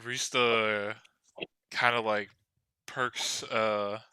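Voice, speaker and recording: A man narrating as game master of a tabletop game, halting, with many fillers as he thinks aloud. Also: fairly low pitch, little pitch movement, bright, forceful tone, clean tone, dry recording.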